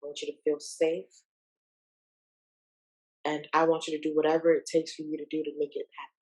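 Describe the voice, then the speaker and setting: Warm-spoken young woman encouraging. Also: low-pitched, completely flat delivery, brisk. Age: young adult. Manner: playful then softly tender and encouraging. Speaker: podcast guest. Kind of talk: casual podcast story time.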